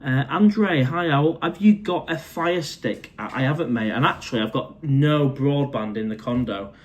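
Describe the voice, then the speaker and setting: A man's voice: medium pitch, moderate pace, muffled recording. A man, casually chatting on a live stream from his condo, reading out viewer comments and calling everyone mate. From England.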